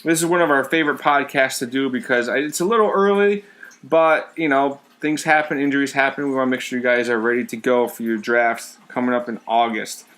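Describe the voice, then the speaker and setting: A man co-hosting a podcast in casual chat, relaxed and stumbling through fillers. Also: medium pitch, a little fast. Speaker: podcast co-host.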